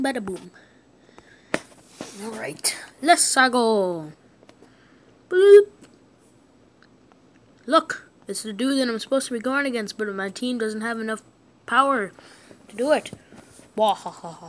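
A woman narrates her own game session for her viewers in a loose let's-play style. She takes her time between thoughts, then jumps into excited yelps and shouts whenever the game turns on her. Her tone stays goofy and playful throughout. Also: a little high, unhurried, long pauses. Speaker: gaming video host.

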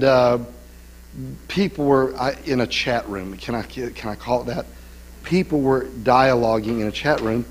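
Animated middle-aged male pastor preaching. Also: fairly high pitch, rough recording. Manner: animated preaching with call-and-response asides. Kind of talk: sermon. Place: church sanctuary.

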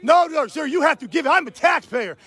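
Guy, squeaky high voice, arguing w cops outside into his phone, won't let it go. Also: expressive, brisk, fairly bright tone, dry recording. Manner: demanding, insistent, repeats himself. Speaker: property owner confronting police. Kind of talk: heated confrontation, filmed live. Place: outdoors on his property. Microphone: handheld phone camera.

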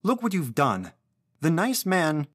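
A woman's voice: lowish voice, fairly even intonation, a little fast, fairly bright tone, dry recording, studio quality, voice pushed up, close to an everyday voice. A man doing a scolding, anxious mother. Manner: scolding, severe. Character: anxious scolding mother, middle-aged woman.

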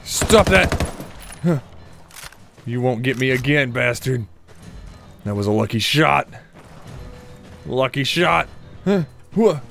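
A man's voice: mid-range voice, takes it slowly, gravelly, long pauses, fairly bright tone, soft background music. A man giving joking, mock-dramatic commentary while playing a shooter game, taunting his enemies. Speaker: gaming video creator. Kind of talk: playful gameplay commentary.

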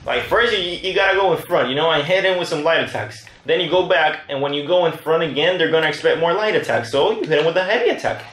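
A man casually commentating his own gameplay, excitable and rambling, trash-talking his opponents. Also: on the high side, fast, hardly any pauses, roomy sound. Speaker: gaming channel host.

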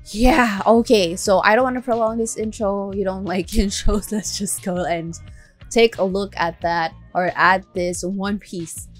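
A woman's voice: mid-range voice, steady tone, a little slow, soft background music. A woman doing casual anime reaction commentary, chatty and emotional as she talks straight to her viewers. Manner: chatty, addresses viewers directly; emotional, gushing.

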